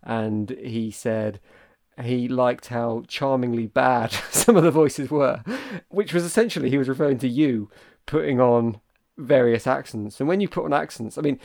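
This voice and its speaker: A man's voice: medium pitch, moderate pace, gravelly, darkish tone. A man co-hosting a podcast, chatting casually in a teasing, reflective way. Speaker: podcast co-host.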